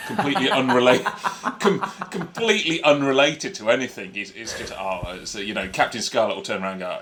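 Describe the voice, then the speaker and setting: A man's voice: medium pitch, moderate pace, bright, forceful tone, slight background noise. A man co-hosting a podcast, chatting and laughing through his stories. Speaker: podcast co-host. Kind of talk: casual chat.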